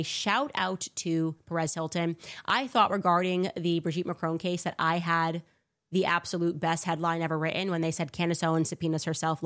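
A woman hosting a live commentary stream, fired-up and sarcastic, often mocking others in put-on voices. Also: lowish voice. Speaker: show host. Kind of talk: livestream commentary.

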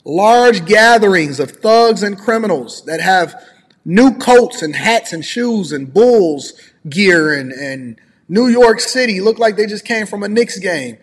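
A man's voice: sits high, expressive, takes it slowly, slightly rough, big-room sound. A man giving ranting, sarcastic commentary on news clips, emphatic and slangy.

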